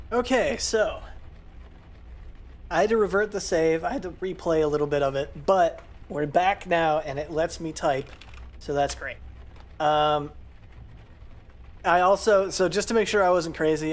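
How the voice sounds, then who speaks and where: A man hosting a let's play, chatting in a casual, self-deprecating way as he plays. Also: fairly high pitch. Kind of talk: casual gameplay commentary.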